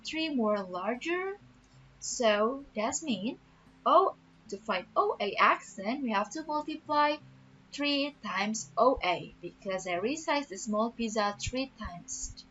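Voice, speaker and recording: A woman teacher explaining a math lesson patiently, repeating each step slowly. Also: on the high side, animated, a bit bright, a little hiss or hum. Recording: dull lo-fi audio with faint music.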